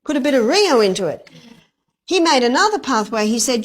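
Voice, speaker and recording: A woman's voice: sits high, very animated, fairly quick. A woman giving a health lecture to a live audience, telling a story and asking the audience rhetorical questions. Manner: acts out quoted dialogue.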